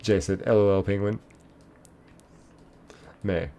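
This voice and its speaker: A man's voice: on the low side, steady tone, slow pace, warm tone. A man streaming a game, casually reading chat messages aloud, laid-back and chuckling.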